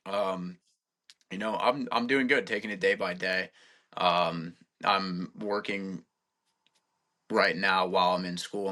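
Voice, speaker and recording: A man's voice: sits low, pushed and bright. A young man in his twenties, a podcast guest, chatting casually and rambling with lots of filler words. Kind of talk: casual chat.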